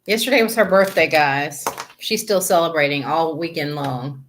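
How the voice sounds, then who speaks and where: A woman's voice: deep voice, normal speed, a bit bright, slight background noise. A woman tarot reader on a live stream, chatting casually with viewers, greeting them by name and laughing often.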